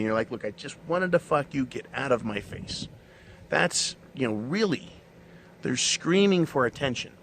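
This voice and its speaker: A man's voice: medium pitch, lively intonation, moderate pace, a bit bright, slight background noise. A man hosting his own show, delivering a blunt, profane, mocking monologue. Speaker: show host. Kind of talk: ranting monologue.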